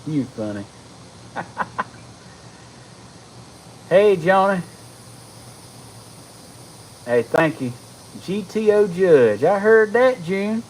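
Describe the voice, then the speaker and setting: A man, chatting casually with viewers on a live stream, folksy and excitable. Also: high-pitched, extremely slow, pauses often, slight background noise, low-quality recording. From Georgia, US. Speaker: livestream host.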